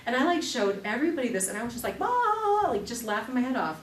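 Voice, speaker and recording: A woman in her thirties teaching an evening class, chatty and animated, telling stories with quick laughs. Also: a little high. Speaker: class instructor. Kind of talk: live classroom demonstration. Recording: echoey room, distant mic, faint noise.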